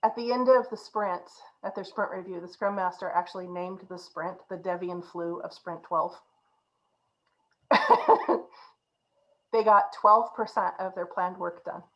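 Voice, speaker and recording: Her voice is lowish and unhurried, captured in lo-fi sound. She's an agile coach sharing an anecdote in a conference talk, animatedly performing the quoted people and often saying "you know" and "right?"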